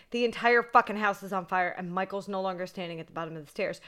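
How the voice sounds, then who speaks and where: Bright, excitable woman recapping a film. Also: mid-range voice, fast. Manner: excitable, swears freely, says "like" often. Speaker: horror podcast co-host. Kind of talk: casual movie recap chat.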